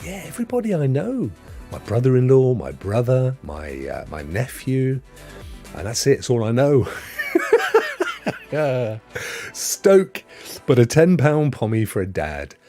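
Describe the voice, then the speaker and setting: A man's voice: mid-range voice, sing-song, moderate pace, dark tone, faint music behind. A man in his fifties with a mixed Potteries and Sydney accent and a touch of Devon, hosting a live stream and chatting casually with viewers in a matey, rambling way. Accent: mixed Potteries and Sydney, with some Devon. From England. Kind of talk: casual chat reading viewer comments.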